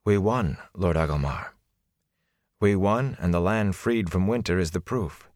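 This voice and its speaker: A man reading a calm, stern sorceress. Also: sits low, no room sound, studio quality. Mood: measured. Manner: measured, flat and unhurried. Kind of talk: audiobook character voice.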